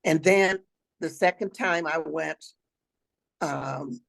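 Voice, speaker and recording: An older woman with a raspy voice, a retired teacher telling travel stories as an interview guest, now and then clearing her throat. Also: deep voice, takes it slowly, a bit bright, rough recording. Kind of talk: storytelling interview answers.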